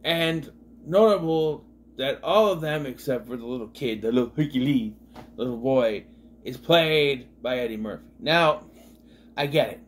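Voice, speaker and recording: A man's voice: mid-range voice, expressive, measured pace, slight background noise. A man reviewing an old comedy film in a casual vlog, rambling with restarts and fillers.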